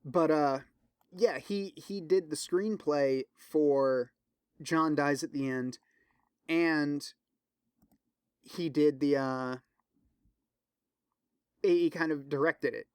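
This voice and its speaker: Solo podcaster, male, fairly high voice, dry close sound, loose and profane, eager recommender. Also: slow, pauses often, darkish tone, clear, resonant tone, dry recording. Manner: loose, profane, filler-heavy rambling with restarts; enthusiastic recommending. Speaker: podcast host. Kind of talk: casual solo podcast chat.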